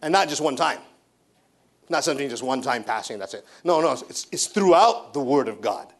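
A man's voice: medium pitch, lively intonation, normal speed. A man preaching a sermon as a missionary pastor, with an emphatic delivery that repeats phrases.

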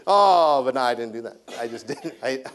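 A man preaching a sermon in a church, repeating his points and swinging from hushed to loud. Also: medium pitch, little pitch movement, fast talker.

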